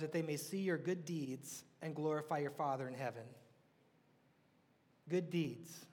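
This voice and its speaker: Man, sermon, animated, asks the crowd questions, high voice, long hall echo. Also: unhurried, long pauses. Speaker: preacher.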